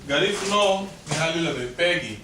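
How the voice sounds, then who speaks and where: A man's voice: on the high side, animated, moderate pace. A male language teacher explaining grammar step by step to a class in a classroom lesson. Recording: echoey room, distant mic, noise.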